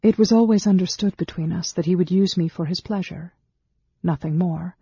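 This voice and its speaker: A woman's voice: fairly low pitch, normal speed, dark tone, slightly rough, no room sound, muffled recording, pitched above the performer's own voice. A narrator voicing Sarah, a tense, earnest woman who speaks with urgency. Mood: urgent.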